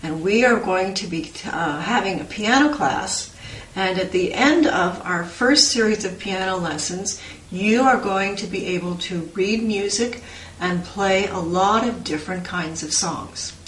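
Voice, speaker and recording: A woman teaching a children's piano lesson in an animated, sing-song way, copying bird and dog sounds. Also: medium pitch, measured pace, slight background noise. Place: room with a piano. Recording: echoey room, mic at a distance. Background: piano playing.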